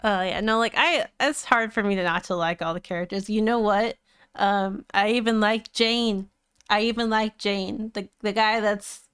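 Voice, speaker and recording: Woman podcast co-host, smooth clean tone, dry sound, casual and profane. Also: mid-range voice, fairly bright tone, no room sound. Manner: laid-back, swears freely, laughs often. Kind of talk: casual chat.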